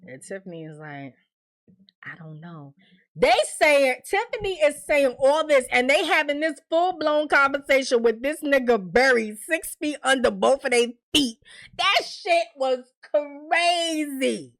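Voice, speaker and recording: Animated slangy woman recapping TV. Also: high voice, normal speed, hardly any pauses. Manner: animated, slangy, acts out characters' lines. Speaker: TV recap host. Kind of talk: casual TV episode recap.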